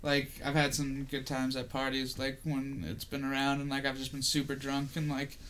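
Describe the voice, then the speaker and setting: A man's voice: medium pitch, monotone, normal speed, fairly bright tone. Young man rambling with "like" and "dude". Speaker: streamer co-host. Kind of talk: casual chat.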